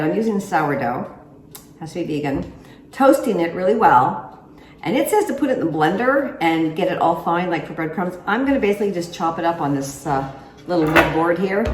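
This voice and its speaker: A woman hosting her own home cooking vlog, talking her viewers through each step in a friendly, chatty way while she stirs and films with one hand on her phone. The kitchen rings with echo, and soft clinks of spoons and dishes sit behind her voice. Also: lowish voice, a little hiss or hum. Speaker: cooking channel host. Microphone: handheld phone camera. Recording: echoey kitchen, clattering dishes. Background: utensil and dish clatter.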